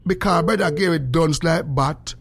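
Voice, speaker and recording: A high-voiced man hosts a call-in radio chat. He teases and jokes with callers in a lively, animated way. His laughter breaks out loud and high. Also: normal speed, slightly rough. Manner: animated, teasing, switches to loud laughing outbursts. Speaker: radio show host.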